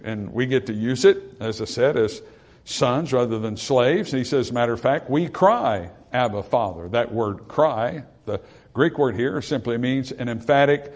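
A man's voice: mid-range voice, a little mellow. A man preaching a sermon, reading scripture aloud and explaining it in a plain, conversational way, with passages that build through repetition and rising emphasis. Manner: plain, conversational asides with fillers.

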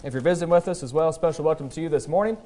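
A man in the pulpit delivers a sermon with a somewhat high-set voice. He talks in a folksy, conversational way, stopping often on "uh" as he gathers his thoughts, then leans into his points earnestly. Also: darkish tone. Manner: folksy, conversational preaching with frequent "uh" pauses; tells a joke story then presses the point earnestly. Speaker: pastor. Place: church service.

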